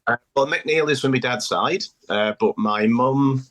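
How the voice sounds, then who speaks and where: A man's voice: medium pitch, a little slow, a bit bright. A middle-aged man from Manchester with a Mancunian accent, chatting as a podcast guest and telling stories with easy laughs. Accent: Mancunian English. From Manchester, England. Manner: chatty, storytelling, laughs easily. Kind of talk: casual interview chat.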